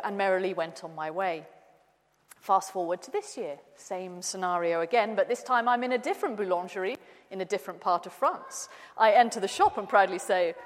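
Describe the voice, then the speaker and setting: A woman preaching a sermon, opening with a personal story told with gentle humour. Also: mid-range voice, expressive, brisk, in a large hall.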